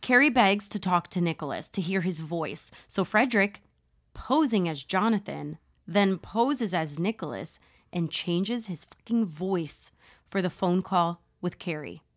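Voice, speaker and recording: A woman podcast host telling a true crime story in casual chat, animated, swearing casually and laughing often. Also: on the low side, measured pace.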